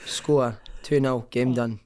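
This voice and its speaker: A middle-aged man spinning a dressing-room story on a podcast, swearing often and throwing himself into the telling. His voice sits at a medium pitch and moves at an everyday pace. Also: fairly even intonation, takes it slowly, a little mellow. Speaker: podcast guest, former footballer. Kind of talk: casual anecdote telling.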